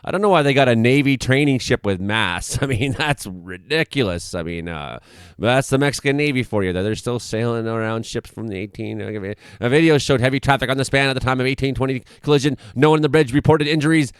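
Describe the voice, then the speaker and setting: A man's voice: medium pitch, fairly quick, clean tone, no echo, studio quality. A man in his forties, hosting an irreverent comedic news commentary with chuckles and swearing. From Canada. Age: 40s. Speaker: host.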